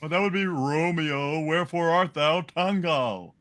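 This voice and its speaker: A man's voice: fairly high pitch, measured pace, fairly bright tone. A man narrating a comic book aloud and playing with name puns. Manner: playful, punning over names.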